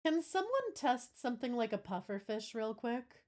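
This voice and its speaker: A woman's voice: on the high side, big pitch swings, moderate pace, a little mellow. A woman streamer chatting casually with her viewers, swearing now and then as she fixes her audio setup. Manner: chatty, swears, talks to chat while troubleshooting. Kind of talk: casual live-stream chat.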